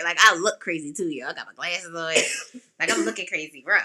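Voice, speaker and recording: A woman's voice: fairly low pitch, fast. A woman hosting a podcast, telling a personal story in casual chat. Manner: animated, emotional, quotes people in raised voices. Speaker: podcast host.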